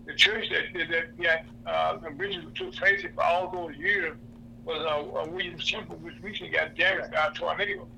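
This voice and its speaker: A man with a St. hosting a radio show, speaking haltingly with many restarts. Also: on the high side, lively intonation, gravelly, pushed and bright, rough recording. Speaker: radio host. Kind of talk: casual radio talk.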